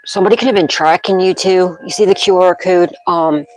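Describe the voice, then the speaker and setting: A woman's voice: on the low side, fairly even intonation, a little fast, a little mellow, low-quality recording. A woman doing a tarot card reading, rambling from card to card and checking in with "okay?" as she makes dramatic intuitive pronouncements. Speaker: tarot reader.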